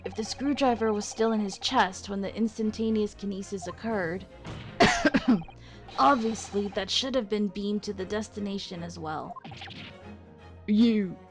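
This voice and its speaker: A woman hosting a game let's play, chatting through it in an animated, playful way, with frequent laughter and rambling asides. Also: mid-range voice, a little slow, long pauses, faint music behind. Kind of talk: game commentary.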